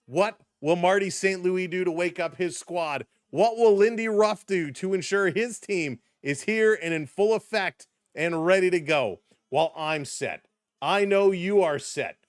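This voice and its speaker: A man hosting a live hockey watch stream, calling the action and greeting chat viewers by name with excited energy. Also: high voice, a little slow, no echo, studio quality. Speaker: live stream host and play-by-play commentator.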